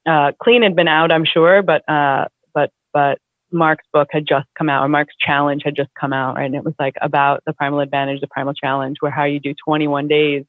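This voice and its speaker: A woman's voice: deep voice, a little fast, no echo. Woman on a tinny phone-like line. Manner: animated, chatty, many fillers like "like". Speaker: guest. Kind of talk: casual conversation.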